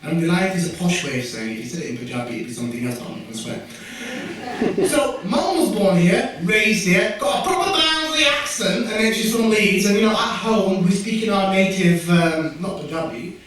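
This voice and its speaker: A young man with a Yorkshire accent tells jokey stories to a live audience, making quick asides to them. His voice sits fairly high. He is picked up from far off in a very echoey hall, with faint noise behind him. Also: expressive, fairly bright tone. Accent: Yorkshire English. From Yorkshire, England. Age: young adult. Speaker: youth worker giving a talk. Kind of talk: storytelling talk at a community event. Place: community event hall.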